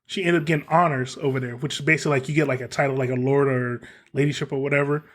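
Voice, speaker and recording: A man's voice: medium pitch, steady tone, racing. A man hosting a casual podcast, telling a story in a heated way and swearing freely. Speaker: podcast host.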